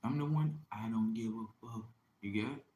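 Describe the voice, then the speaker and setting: A man hosting a livestream, delivering a boastful, taunting, profane monologue that swings between loud outbursts and low mutters. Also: normal speed, highs cut off. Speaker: livestream host. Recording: echoey room with faint ambient noise.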